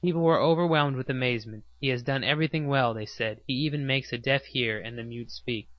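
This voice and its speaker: A man reads scripture aloud at a steady, measured pace, pausing slowly between phrases. His voice sits at an ordinary middle pitch. The recording is dry and a little muffled, with no room sound around him. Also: no echo. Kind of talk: scripted Bible reading.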